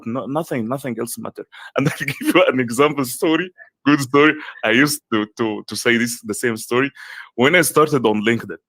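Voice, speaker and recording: A man's voice: medium pitch, no echo. Emphatic man with an Arabic accent. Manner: earnest, emphatic, with frequent restarts. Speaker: guest speaker, coach. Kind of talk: online summit interview.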